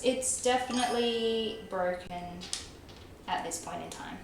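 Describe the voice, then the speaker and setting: A woman's voice: medium pitch, measured pace. Aussie girl streaming, laughs a lot, reading chat, super echoey room. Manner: chatty, self-mocking, laughs often. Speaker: livestreamer. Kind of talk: casual chat while gaming, reading chat. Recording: very echoey room, faint noise.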